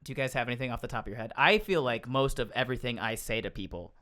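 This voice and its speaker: A man's voice: mid-range voice, bright, forceful tone. Rambling man co-hosting a podcast. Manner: loose, rambling, quick to joke. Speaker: podcast co-host, comedian. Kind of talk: casual podcast chat.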